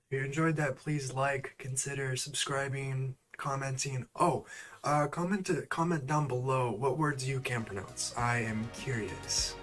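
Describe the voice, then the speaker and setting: Casual male vlogger, mid-range voice, sighs and frustrated self-mockery. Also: medium pitch. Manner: exasperated, sighing, drawn-out repeated attempts at words. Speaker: YouTuber. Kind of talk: casual vlog chat.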